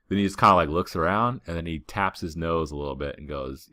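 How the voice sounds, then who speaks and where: A man's voice: deep voice, rapid-fire, hardly any pauses, pushed and bright, no room sound, studio quality. A young man hosting a podcast, casually telling a rambling travel story with many fillers. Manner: rambling, filler-heavy, laid-back. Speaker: podcast host.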